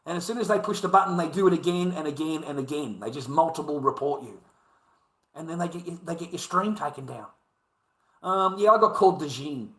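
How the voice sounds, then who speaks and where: A middle-aged man with an Australian accent talks straight to his viewers in a loose, rambling livestream monologue. His voice sits a little high and comes across bright and forceful, and he keeps calling his audience mate between profanities. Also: a little fast, rough recording.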